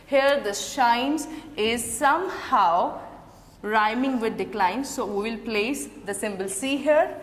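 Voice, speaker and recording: Woman, literature teacher, measured lecture, high voice, reverberant room. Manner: slow, explanatory, reads quoted lines deliberately. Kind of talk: lecture on poetry. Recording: echoey room with long reverb.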